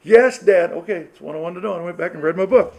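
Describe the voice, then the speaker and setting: A man's voice: high-pitched, very fast, creaky, darkish tone, poor audio. A middle-aged man speaking to a church marrieds group, telling folksy stories with laughs and acted-out quotes. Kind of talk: storytelling sermon talk.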